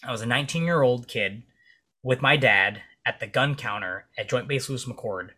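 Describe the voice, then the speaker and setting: Young guy cursing a lot, rambling story, bright forceful voice. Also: medium pitch, normal speed, slightly rough. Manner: profane, rambling with many fillers. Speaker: podcast guest, military veteran. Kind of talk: casual storytelling in conversation.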